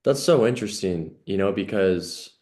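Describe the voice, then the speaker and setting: A man with a low, darkish voice hosts a podcast in the style of a casual conversational interview. He's animated and keeps a moderate pace, talking earnestly and reflectively with plenty of "you know" fillers.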